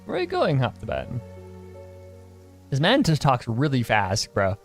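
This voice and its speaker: A man's voice: medium pitch, huge pitch swings, moderate pace, vocal fry, long pauses, soft background music. A man hosting a casual let's-play, reading game dialogue aloud between comments and laughing often. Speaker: gaming channel host.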